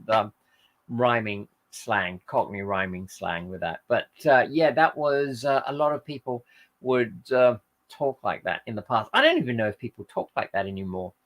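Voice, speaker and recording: Guy chatting on a livestream, tired, rambly, mid-pitch voice, keeps losing his thread. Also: a bit bright. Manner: rambling, hesitant, with frequent fillers and self-corrections. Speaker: livestream host reading viewer comments. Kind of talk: casual chat.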